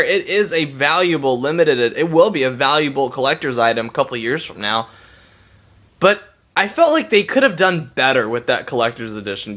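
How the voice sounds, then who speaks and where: A man's voice: fairly high pitch, a bit bright. A young man delivering a heated, profane gaming rant to camera, repeating himself and restarting his sentences. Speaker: gaming vlogger.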